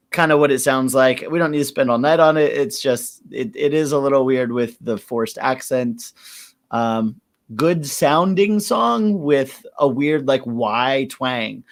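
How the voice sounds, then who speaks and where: A man's voice: mid-range voice, animated, takes it slowly. A man giving loose, profane feedback on a song, with laughs between points. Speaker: music reviewer. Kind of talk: casual review chat.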